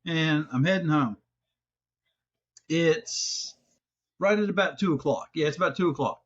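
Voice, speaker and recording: Male podcast host, high voice, profane and animated, dull lo-fi sound. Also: unhurried, husky. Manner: animated, swearing, laughing storyteller. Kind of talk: casual storytelling chat.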